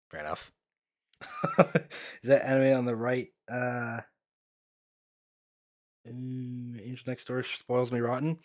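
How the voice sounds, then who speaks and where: A young man in casual reaction commentary, talking bluntly and freely swearing. He rambles and restarts, filling gaps with lots of fillers. His voice sits at a middling pitch. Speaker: anime YouTuber.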